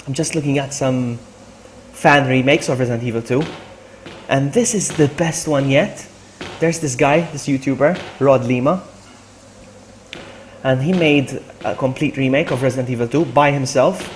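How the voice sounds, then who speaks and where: A man streaming a game live, excitable and laughing often as he greets viewers by name. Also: mid-range voice, slight background noise. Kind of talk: live-stream gameplay chat.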